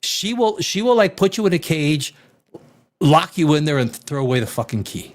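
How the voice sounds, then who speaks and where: A man hosting a rowdy live stream, loud and rambling, swearing and reading chat comments aloud, a little tipsy from wine. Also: a little high, a little slow. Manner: animated, swings between shouting and muttering. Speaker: live show host.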